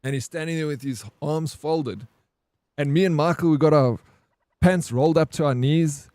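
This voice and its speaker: A man's voice: a little high, moderate pace, darkish tone, dry recording. Laid-back man telling stories. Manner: laid-back, swears, says "bro". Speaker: streamer. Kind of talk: casual storytelling to stream chat.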